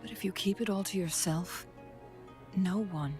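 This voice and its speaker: A woman voicing a calm, composed advisor figure in a game, measured and quiet, at times close to a whisper. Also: lowish voice, soft background music, natural voice. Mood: gentle. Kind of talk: game character dialogue.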